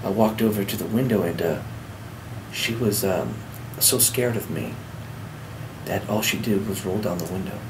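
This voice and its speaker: Against background noise, a middle-aged man gives an earnest, heartfelt testimony about his recovery, often restarting and repeating words. He speaks at a moderate pace with long pauses in a fairly low voice.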